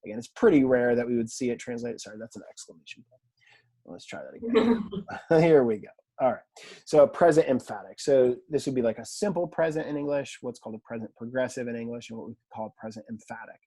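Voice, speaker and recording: A man teaching a language class in a relaxed lecture style, chatty and self-deprecating, often quizzing his students. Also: mid-range voice, quick pace. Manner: conversational, self-deprecating, asks the class questions. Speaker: Greek teacher.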